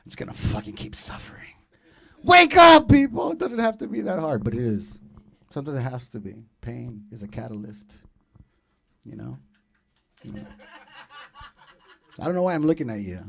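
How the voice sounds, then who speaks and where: A man in his thirties hosting a comedy show, doing loud, profane, teasing crowd work from a club stage. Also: fairly high pitch, creaky.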